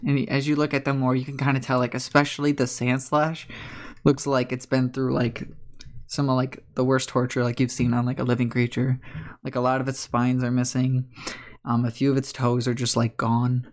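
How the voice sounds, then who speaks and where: A woman's voice: rumbling low, flat delivery, moderate pace, darkish tone. A woman narrating a tabletop game as game master, rambling with lots of fillers. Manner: rambling, filler-heavy storytelling.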